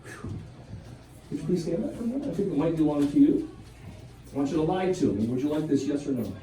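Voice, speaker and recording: A man's voice: a little high, lively intonation, fast, warm tone, faint music behind. A man working a party crowd as a stage mentalist, teasing people and laughing often. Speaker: mentalist entertainer. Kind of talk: stage act with audience. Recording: roomy hall, far from mic, audience noise.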